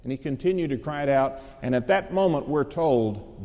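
A man's voice: medium pitch, expressive, moderate pace, mellow. A man preaching a sermon, telling a story dramatically and acting out the voices of its people. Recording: long hall reverb.

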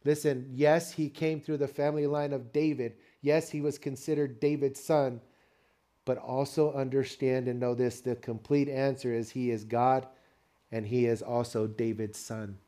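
An older man preaching a sermon, telling a family story with lively call-and-response to the congregation. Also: medium pitch, normal speed. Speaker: pastor.

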